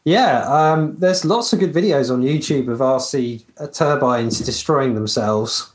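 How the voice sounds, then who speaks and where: A man's voice: medium pitch, a little slow. A man co-hosting a casual hobby stream, reading out chat and explaining with many ums and restarts. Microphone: remote call mic. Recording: roomy echo.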